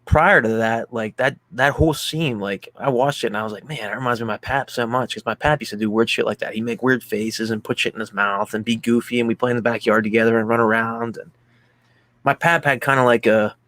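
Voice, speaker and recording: A man's voice: mid-range voice, fairly even intonation, a little fast, fairly bright tone, no room sound. Rambling man in casual movie chat. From Pennsylvania, USA. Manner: rambling, filler-heavy, heartfelt storytelling. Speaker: podcast co-host.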